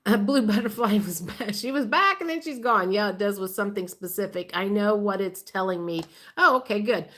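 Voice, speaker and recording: A woman's voice: mid-range voice, lively intonation, a little fast, a bit bright. A woman hosting a casual tarot livestream, chatting and reading viewer comments aloud, laughing often.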